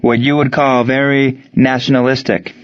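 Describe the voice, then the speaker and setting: A man voicing a proud German prisoner of war who speaks in stiff, formal, measured phrases. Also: medium pitch, level tone, no room sound, pitched above the performer's own voice, close to an everyday voice. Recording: dry, dull lo-fi sound.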